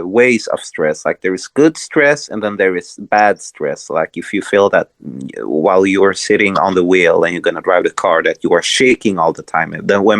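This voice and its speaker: A man's voice: sits low, dry recording. A man hosting a podcast who asks questions in a hesitant, filler-filled, casual way. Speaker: podcast host. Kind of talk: casual conversation.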